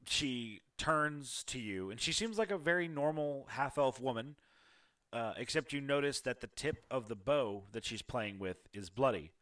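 A man runs a tabletop game as its game master. His voice sits at a middle pitch. He narrates loosely and casually, often stopping on fillers. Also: fairly bright tone. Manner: casual, hesitant, with many fillers.

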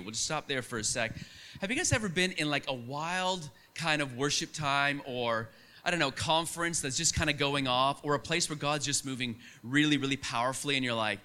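A young man preaching a sermon, telling stories in an animated, conversational way. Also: mid-range voice, normal speed.

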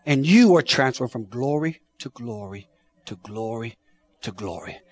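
A man preaching a sermon with passion, swinging from shouts down to hushed tones and often repeating his words. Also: medium pitch, animated, unhurried, husky. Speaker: pastor.

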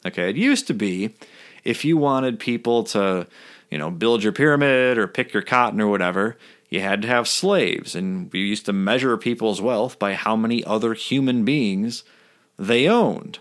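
A man's voice: lowish voice, expressive, normal speed, a bit bright. Blunt, sardonic man explaining casually. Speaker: video essayist.

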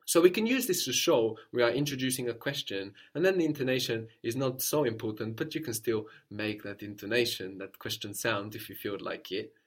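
A man's voice: mid-range voice, brisk, few pauses. A man teaching a language lesson, patiently explaining step by step and modeling phrases for a learner to repeat.

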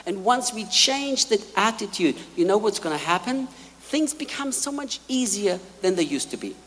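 A man preaching a sermon, telling stories in an animated way and acting out quotes. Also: high voice, normal speed, big-room sound.

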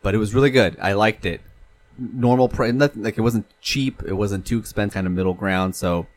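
Chill young guy from california rambling on a podcast, kinda low voice, swears a bunch. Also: steady tone, brisk, dry recording. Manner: rambling, loose, swears casually, laughs easily. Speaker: podcast co-host. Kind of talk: casual chat.

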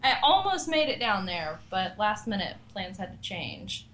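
A woman's voice: mid-range voice, sing-song, unhurried, a bit bright. A woman from Tennessee with a Southern accent, a guest chatting easily on a talk radio show. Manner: easygoing, short replies. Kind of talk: casual talk radio chat.

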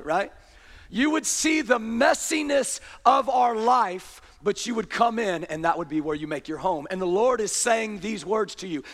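A man preaching with a high, light voice, his words ringing out in a long hall reverb. He swings from fervent shouts down to low, hushed intensity as he drives his sermon home. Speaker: pastor.

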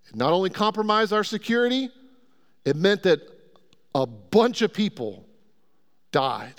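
A pastor preaching a sermon in a conversational way and asking the congregation questions. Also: male voice, sits high. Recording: long hall reverb.

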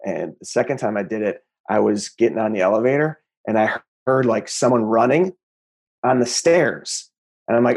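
A man in his forties, a guest comedian chatting casually, easygoing and quick to laugh. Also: on the low side, darkish tone, slightly rough. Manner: easygoing, laughs often, says "dude".

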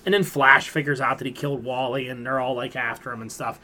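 A fast-talking man with a mid-range voice and a steady but sharp tone hosts a casual pop culture podcast. He meanders through retellings of comic plots, full of fillers.

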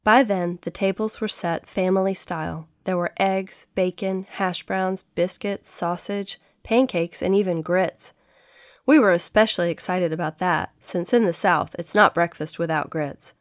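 A woman narrating a children's audiobook in a gentle, steady reading manner. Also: on the low side, measured pace, dry recording, clean studio sound. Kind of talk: scripted storybook narration.

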